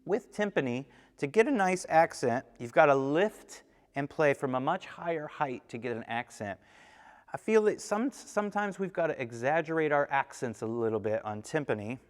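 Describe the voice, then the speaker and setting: Male timpani teacher, smooth and mellow, patient, counts beats aloud, checks in with "okay?", long room reverb. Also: a little high, expressive, moderate pace. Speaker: percussion teacher. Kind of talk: instrument lesson with counting and demonstration.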